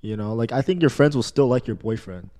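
A man's voice: mid-range voice, fairly quick, a little mellow. A young man co-hosting a podcast, chatting casually in slangy talk and laughing as he tells stories. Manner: laid-back slangy storytelling, laughs often. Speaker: podcast co-host. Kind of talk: casual chat.

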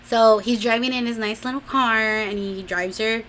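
A woman's voice: on the high side, steady tone, normal speed, a bit bright, slight background noise. A young woman from a Mexican-American home, casually retelling a drama episode in a gossipy way, full of fillers and acted-out quotes. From Mexican-American household. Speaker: drama recap vlogger. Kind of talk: casual chatty drama recap.

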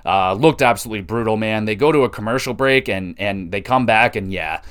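A man hosting a podcast, recapping wrestling shows in a casual, excitable way and swearing freely. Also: fairly low pitch, a little fast, clear, resonant tone. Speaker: podcast host.

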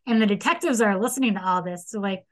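Brief: casual woman host, mid-pitched, lively retelling with put-on voices for quotes. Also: fast talker, rough recording. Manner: acts out quotes with dramatic voices. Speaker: podcast host retelling a case. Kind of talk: casual storytelling chat.

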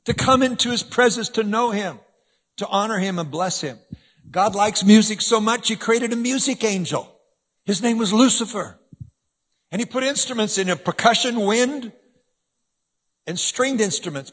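A man preaching a sermon in a church, animated, swinging between loud emphasis and hushed asides. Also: sits high, breathy edge, long reverb tail.

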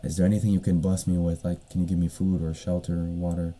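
A man's voice: low voice, level tone, quick pace, dark tone. A man voicing an angel disguised as a tired male traveler, pleading in a rambling way. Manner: rambling and pleading, full of fillers.

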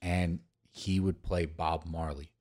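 A man's voice: low voice, little pitch movement, slow pace, darkish tone. A young man co-hosting a casual podcast, rambling through stories with lots of swearing and fillers. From New York, the Bronx. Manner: rambling storytelling, crude swearing, many fillers. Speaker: podcast co-host. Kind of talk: casual drinking-podcast chat.

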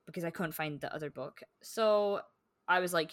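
A woman co-hosting a podcast, chatting casually about books in a rambling, animated way full of fillers. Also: fairly low pitch, moderate pace, dry recording. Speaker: podcast co-host. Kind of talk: casual book-club chat.

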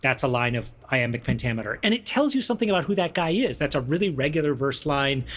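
A man with a slightly husky voice talks through ideas like a teacher on a podcast. He breaks things down step by step at an easy, conversational middle pitch. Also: lively intonation, quick pace, a bit bright. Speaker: podcast co-host. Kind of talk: explaining in conversational discussion.

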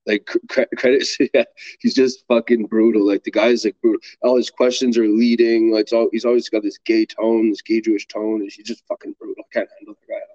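A man co-hosting a loose podcast, blunt and dismissive, swearing as he talks. His voice sits on the low side. It comes through a dull, muffled lo-fi line that is dry, with no room sound. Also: level tone, fast talker, darkish tone, no room sound. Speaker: podcast co-host. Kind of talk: casual podcast talk.

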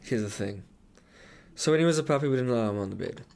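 Gravelly man in swear-heavy banter. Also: medium pitch, lively intonation, fast talker, darkish tone. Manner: swears often, laughs a lot, mimics his dog's bark. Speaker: podcast co-host. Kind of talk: casual chat.

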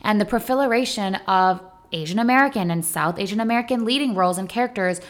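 A woman's voice: medium pitch, quick pace. A young adult woman co-hosting a podcast, talking emphatically and posing rhetorical questions. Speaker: podcast co-host. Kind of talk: casual podcast discussion.

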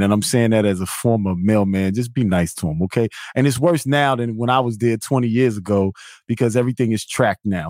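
A man's voice: fairly low pitch, a little mellow, no room sound, studio quality. Earnest man lecturing in casual chat. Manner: earnest, lecturing, repeats himself for emphasis. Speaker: podcast co-host, former mailman.

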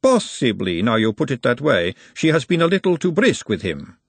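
A poised, coolly clever woman with a husky edge who speaks with crisp, formal precision, as a male reader puts her on. Her voice rises well above the reader's own and moves in a lively way, recorded close and dry. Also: medium pitch, normal speed, no echo. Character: refined, cool, clever middle-aged woman.

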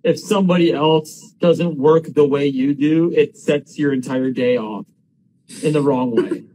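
A man's voice: a little high, unhurried, warm tone, slight background noise. A man hosting a casual podcast, talking loosely and sarcastically with plenty of swearing. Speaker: podcast host.

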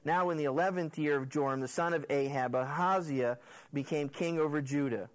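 Animated man preaching a sermon. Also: on the high side, fairly quick, low-quality recording. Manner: animated storyteller who acts out the characters' lines. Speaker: pastor. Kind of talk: sermon, retelling scripture.

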